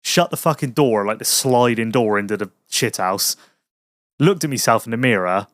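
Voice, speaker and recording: A man's voice: mid-range voice, animated, normal speed, a bit bright, no room sound. A man telling a crude anecdote on a podcast, swearing a lot and laughing at his own story in casual chat. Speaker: podcast host.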